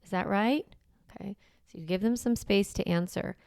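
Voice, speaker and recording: A woman talks listeners through a parenting method step by step. She speaks in a direct coaching manner with frequent check-ins. Her voice has a noticeable fry, and the recording is close and dry. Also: medium pitch, normal speed, darkish tone, no echo. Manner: walks through step-by-step scripts. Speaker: parenting podcast host. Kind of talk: instructional podcast monologue.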